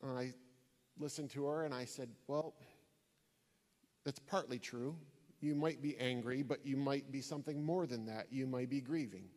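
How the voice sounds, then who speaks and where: A man's voice: medium pitch, steady tone, moderate pace, darkish tone, long reverb tail. A man giving an earnest sermon-style talk to a church audience, telling stories and repeating key phrases for emphasis. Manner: earnest storytelling, emphatic repetition. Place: church hall before an audience.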